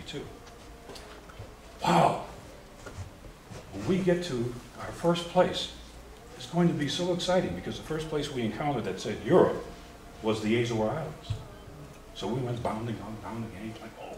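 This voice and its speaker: An older man from the United States, a guest speaker at a forum, telling lively, humorous anecdotes with chuckles and restarts. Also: mid-range voice, background noise. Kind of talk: storytelling talk at a forum. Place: lecture hall. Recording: roomy, distant mic.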